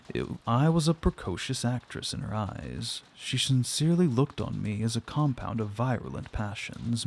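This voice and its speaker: A man narrating a classic novel aloud in a steady, measured reading. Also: mid-range voice, creaky, slightly rough. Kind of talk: audiobook narration.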